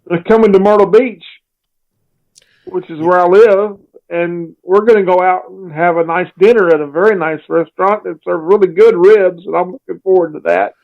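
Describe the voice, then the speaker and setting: A man co-hosting a podcast, chatting in an easygoing, halting way with many fillers. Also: high voice, steady tone, darkish tone. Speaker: podcast co-host. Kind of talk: casual podcast chat. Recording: dull lo-fi remote line.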